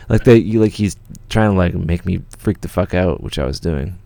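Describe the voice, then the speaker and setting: A man's voice: low-pitched, normal speed, gravelly, hardly any pauses, mellow, no room sound. A young man from Canada hosting a live studio Q&A stream, telling rambling stories in a laid-back way with lots of fillers and swearing. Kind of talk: casual livestream chat. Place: home studio.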